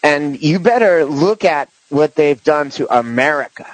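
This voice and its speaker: A man's voice: a little high, expressive, unhurried, no echo, rough recording. A man hosting a podcast in casual political chat, rambling with many restarts and fillers. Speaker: podcast host.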